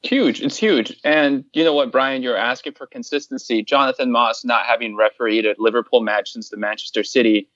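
A man's voice: medium pitch, steady tone, a little fast, hardly any pauses, a bit bright, dry recording, lo-fi sound. A man co-hosting a casual sports podcast, who laughs easily and pokes fun at himself. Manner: laughs often, self-deprecating. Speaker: podcast co-host.

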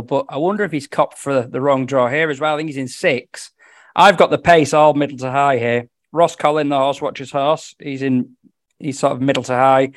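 A man giving casual horse racing tips on a podcast, talking quickly through form with a joking edge. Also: medium pitch, no room sound, studio quality. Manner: quick, chatty form analysis with jokes. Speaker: racing tipster.

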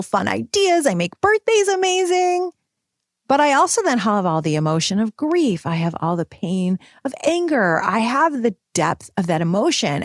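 A woman's voice: medium pitch, gravelly, dry recording, clean studio sound. A young woman, a new mother, speaking candidly and emotionally in a personal vlog.

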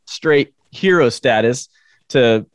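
Guy telling a racing story, lively, cusses, dry sound close up. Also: mid-range voice, slow pace, clean tone, no echo. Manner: animated storyteller, acts out quoted voices, swears, laughs. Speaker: drag racing driver. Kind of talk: casual storytelling interview.

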